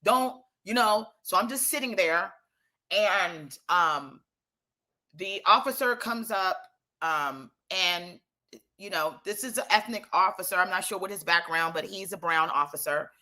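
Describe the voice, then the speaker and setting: A woman telling a story in casual chat, animated and profane, rambling through asides. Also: lowish voice, measured pace.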